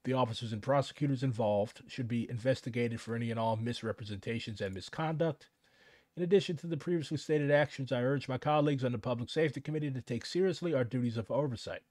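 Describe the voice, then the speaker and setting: A man's voice: medium pitch, darkish tone, no echo. Sarcastic guy streaming, cusses, reads stuff out, dead dry mic. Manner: sardonic, swears freely, reads statements aloud. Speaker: streamer commenting on news. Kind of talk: casual live commentary.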